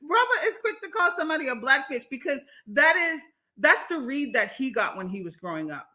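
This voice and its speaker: A young woman livestreaming, reading chat and ranting in a sassy, animated way, laughing between her points. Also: sits high. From Jamaica. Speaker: YouTuber reading live chat. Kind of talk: live-stream commentary.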